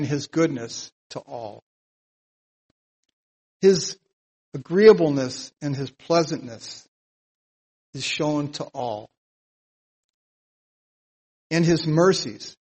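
A man teaching a psalm verse by verse in a sermon, earnest and plain-spoken, getting louder whenever he reads scripture aloud. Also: a little high, rough recording. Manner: emphatic, louder when reading scripture aloud. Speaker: Bible teacher.

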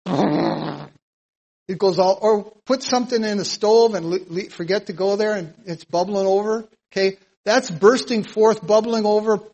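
Man, high voice, Bible teacher, emphatic scripture reading, earnest explaining. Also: rough recording. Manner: emphatic, louder when reading scripture aloud; earnest, plain-spoken explaining. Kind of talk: verse-by-verse sermon teaching.

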